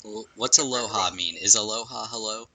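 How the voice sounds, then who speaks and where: A man's voice: on the low side, normal speed, pushed and bright. A man chatting on a podcast with friends, asking questions and teasing. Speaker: podcast co-host. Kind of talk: casual chat.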